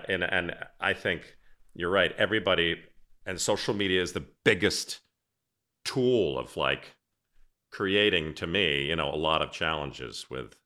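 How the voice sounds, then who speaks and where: A man's voice: low voice, sharp tone. A man hosting a podcast interview, telling rambling stories in a casual, chatty way. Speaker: podcast host.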